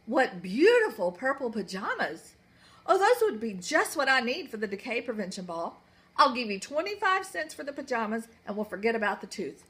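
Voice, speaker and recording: Lady doing a shrill bossy fairy queen, loud and grabby, bright sharp voice. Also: sing-song, moderate pace. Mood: greedy delight. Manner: shrieking, demanding, imperious.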